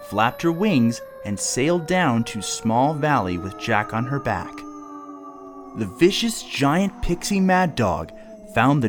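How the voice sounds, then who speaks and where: Slow, expressive male storyteller. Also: mid-range voice. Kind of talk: reading a children's story aloud.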